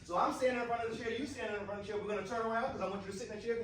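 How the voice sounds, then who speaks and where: High-voiced man coaching in an echoey room. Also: fairly even intonation, rapid-fire, a bit bright. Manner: coaching, encouraging, repeats phrases. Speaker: workshop facilitator. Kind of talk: leading a live team-building exercise. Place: large indoor workshop room. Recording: echoey room mic from far off.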